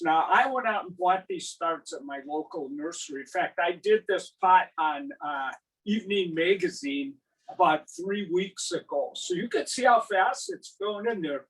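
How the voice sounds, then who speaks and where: Older male gardening presenter, high voice, exuberant storyteller, a bit off-mic. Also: far from the mic, low-quality recording. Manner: exuberant, animated storyteller with big vocal sound effects. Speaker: gardening speaker.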